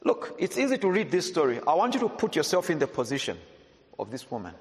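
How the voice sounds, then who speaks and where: A man's voice: a little high, wildly swooping pitch, quick pace. A man preaching a sermon, asking the congregation questions and repeating lines for emphasis. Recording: echoey hall with long reverb.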